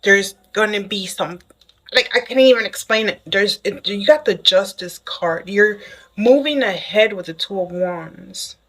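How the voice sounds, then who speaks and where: A woman giving a casual spoken tarot reading to the viewer, excitable and chatty, who keeps checking in with "okay?". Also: medium pitch, a little slow, low-quality recording. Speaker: tarot reader.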